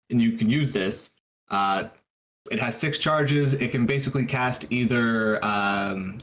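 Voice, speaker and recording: A man playing a tabletop game, talking casually in a hesitant, halting way. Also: mid-range voice, a bit bright. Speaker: player.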